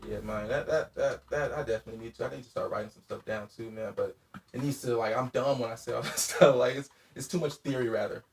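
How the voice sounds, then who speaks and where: A man's voice: mid-range voice, fast, vocal fry, recorded from a distance. Young man, podcast host, loose profane rambling, sits back from the mic. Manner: rambling, profane, laughs often. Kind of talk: casual chat.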